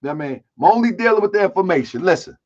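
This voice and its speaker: A man's voice: sits high, big pitch swings, rapid-fire. A man hosting an online commentary show, talking in a heated, repetitive way with streetwise slang. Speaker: host. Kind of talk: casual commentary. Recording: dull lo-fi sound.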